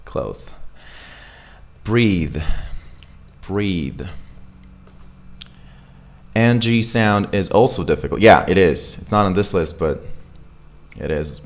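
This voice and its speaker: A man giving a live pronunciation lesson, demonstrating sounds slowly and repeating words, checking in with "right?". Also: low-pitched, animated. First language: Russian. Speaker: accent coach.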